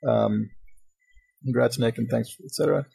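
A man's voice: medium pitch, gravelly, husky, low-quality recording. A man hosting a casual podcast, reading listener emails aloud and chatting, laughing often. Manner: fast-talking, animated, laughs often. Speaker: podcast host.

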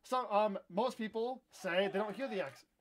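A young man from Iowa in his twenties, hosting a live gameplay stream and chatting in a rambling way, with sudden loud outbursts when the game goes wrong. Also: sits high, moderate pace, slight background noise. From Iowa, USA. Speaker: livestream host. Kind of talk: casual live gameplay chat.

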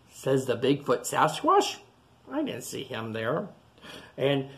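Slow, lively man reading to kids. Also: medium pitch. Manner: animated, breaks into many funny animal voices. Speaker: children's storytime reader. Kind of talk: reading a picture book aloud to children.

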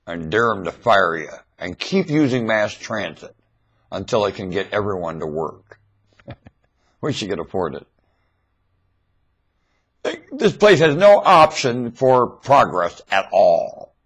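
A man talking straight into his webcam mic in a monologue rant, swinging between loud emphatic outbursts and low muttering. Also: big pitch swings, unhurried, breathy edge.

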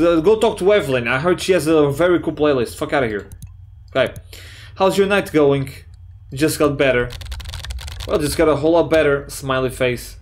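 Male gaming YouTuber, slightly high voice, jokey and profane let's play commentary. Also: moderate pace. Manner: excitable, swears a lot, jokey; reads chat messages aloud in playful voices.

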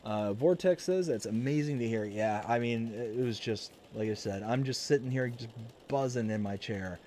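A young man hosting a live stream, excitedly telling a family story and reading chat, with many fillers and restarts. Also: mid-range voice, moderate pace, slight background noise. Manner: reads chat messages aloud.

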